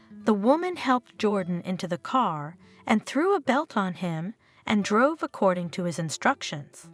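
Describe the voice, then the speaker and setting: A woman reading a dramatic story as narrator, with soft guitar music playing under her. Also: mid-range voice, sing-song, unhurried. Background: faint guitar music.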